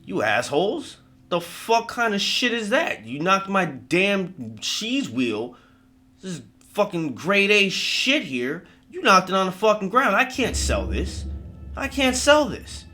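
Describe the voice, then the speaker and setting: A man voicing a proud young male cheesemaker who shouts and swears nonstop in anger. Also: high-pitched, big pitch swings, slow pace, soft background music, pitched above the performer's own voice, full character voice. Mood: outraged.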